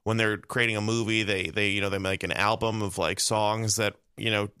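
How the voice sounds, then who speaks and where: A man's voice: lowish voice, level tone, moderate pace, bright, forceful tone, clear, resonant tone, no room sound, studio quality. A man co-hosting a casual comedic podcast chat, rambling and mock-earnest. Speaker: podcast co-host.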